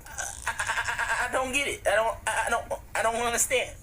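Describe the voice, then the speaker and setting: A man's voice: very high voice, fairly even intonation, moderate pace, bright, forceful tone, a little hiss or hum. A man voicing a young male cartoon character with a heavy stutter who keeps tripping over his words. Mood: flustered. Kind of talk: cartoon voice acting.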